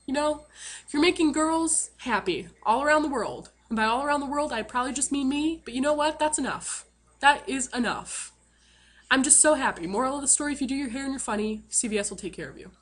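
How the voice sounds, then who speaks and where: A woman's voice: sits high, a little fast. A woman telling a funny story to her camera in a chatty, self-mocking way, full of fillers. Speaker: vlogger.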